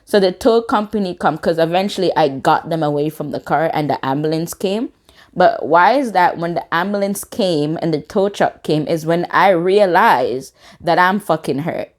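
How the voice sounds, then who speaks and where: A young woman in her twenties telling a personal story in a casual, swearing, animated way. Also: fairly low pitch, normal speed. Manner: swearing, animated reenacted quotes. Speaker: storytime vlogger.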